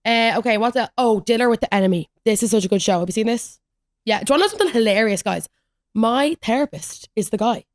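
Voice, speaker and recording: This young woman rants casually on her solo podcast, telling wandering stories sprinkled with "like." She talks fast in a higher-pitched voice, and the clean studio recording has no room sound.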